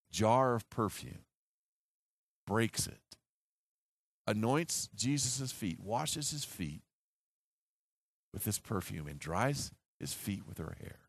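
A man preaching a sermon, telling the story animatedly and dropping to a hushed, slow voice for solemn moments. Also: mid-range voice, no room sound, clean studio sound. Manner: animated storytelling, acting out disciples' reactions. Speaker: pastor.

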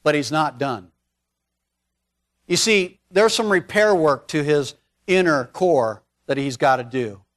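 A high-voiced man retelling a scripture story from the pulpit. He talks in a conversational, folksy way, drifting into casual asides as he preaches. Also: lively intonation, slow pace, a bit bright. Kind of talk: storytelling sermon.

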